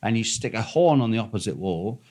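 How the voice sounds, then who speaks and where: A man's voice: lowish voice, lively intonation, fairly quick, a little mellow. A man telling a long, rambling, profane anecdote with many fillers and restarts.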